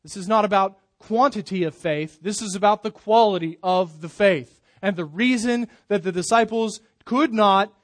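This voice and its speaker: A pastor preaching a sermon, pressing hard on key words and then dropping to a near hush. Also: male voice, high voice, normal speed, few pauses, no room sound, studio quality. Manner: emphatic preaching, swells loud then drops soft.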